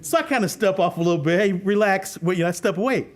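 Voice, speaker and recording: A middle-aged man, a youth football coach, telling a leadership story in an animated way, laughing often and acting out what others said. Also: high-pitched, very fast. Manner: animated, laughing often, acts out quoted voices.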